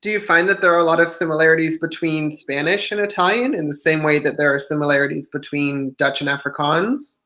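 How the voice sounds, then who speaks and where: A host runs a casual livestream interview over a webcam mic, speaking at a middle pitch. The host listens attentively, backs the guest with steady mm-hmms, and asks open questions. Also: brisk, hardly any pauses. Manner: attentive, frequent mm-hmm backchannels.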